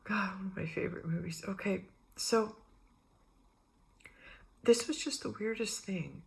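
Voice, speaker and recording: A middle-aged woman vlogs about spiritual matters in a medium-pitched voice with vocal fry, speaking at a measured pace. Her personal stories ramble and meander, and she animatedly re-enacts the people in them, quoting their voices.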